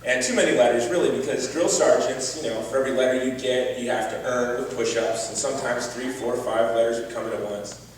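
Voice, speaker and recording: A man's voice: medium pitch, fairly even intonation, fairly quick, slight background noise. A man giving an earnest personal testimony as a gala speaker, with touches of wry humor. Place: large event hall. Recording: distant echoey hall recording.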